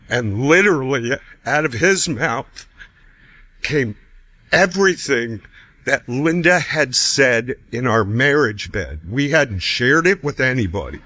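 A middle-aged guest tells his personal story casually in a mid-range voice, a little slowly. He's animated, acting out other people's voices and chuckling often. There's no room sound.

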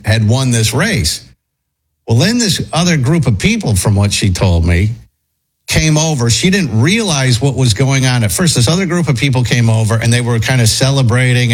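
A man's voice: mid-range voice, low-quality recording. A man hosting a radio chat show, telling a long story in a rambling way with lots of fillers and restarts.

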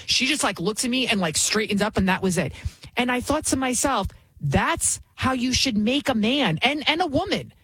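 A woman's voice: a little high, animated, normal speed, a bit bright, slightly rough. A woman hosting a talk radio show as a fill-in, delivering a blunt, indignant opinion monologue.

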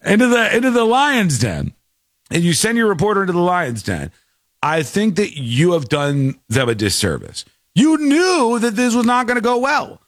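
A man's voice: high voice, wildly swooping pitch, moderate pace, no echo, studio quality. A man co-hosting a casual talk show, animatedly commenting on a news clip and laughing as he acts out quotes. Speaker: co-host.

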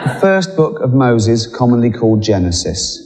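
A man's voice: mid-range voice, very animated, normal speed, a little mellow. Dry man, stand-up storytelling. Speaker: stand-up comedian. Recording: long hall reverb.

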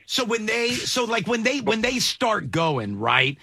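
A man's voice: sits high, very animated, a little slow, creaky, pushed and bright, breathy edge, dry recording, studio quality. A man hosting a morning radio show, bantering casually, teasing and laughing often.

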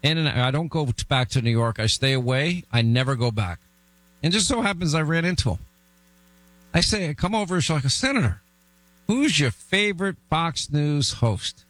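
A man's voice: on the high side, fairly quick, no echo, poor audio. A man hosting a political talk show, telling stories bluntly with lots of restarts. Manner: blunt, animated storytelling with restarts.

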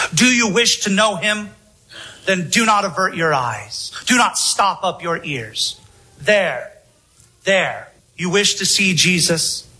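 A man preaching a sermon in a solemn, emphatic manner with long pauses. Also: high-pitched, sharp tone, breathy edge, low-quality recording.

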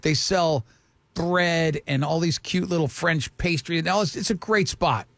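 A man hosting a morning radio talk show, chatty and animated as he tells a story. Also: on the high side, a little slow, creaky, no echo.

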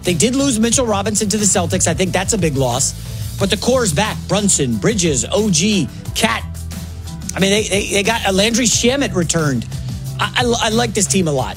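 A man in his forties filling in as host of a sports radio show, talking fast and excitedly with quick asides and self-corrections. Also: high voice, music in the background. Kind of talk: energetic sports talk.

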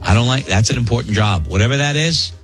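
A man's voice: mid-range voice, quick pace, faint music behind. A man hosting a radio show, chatting casually and joking as he reads listener emails. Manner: animated, joking, laughs often. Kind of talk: casual on-air banter reading listener emails.

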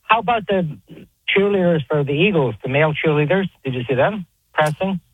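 A man calling in to a sports radio show, chatting and firing off quick questions to the host. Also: fairly high pitch, no echo. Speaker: caller. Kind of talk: radio call-in sports chat. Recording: husky voice on a tinny phone line.

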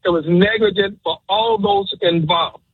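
A man's voice: sits high, wildly swooping pitch, unhurried, creaky, husky, no echo. Emotional man on a tinny phone line. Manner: emotional, preachy and repetitive. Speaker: radio caller. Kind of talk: call-in radio talk.

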